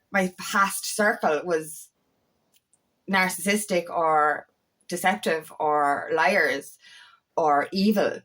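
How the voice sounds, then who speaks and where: A woman's voice: medium pitch, fairly bright tone, rough recording. A young adult woman, a feminine empowerment coach, talking candidly and passionately in a personal vlog, swearing freely and restarting her sentences.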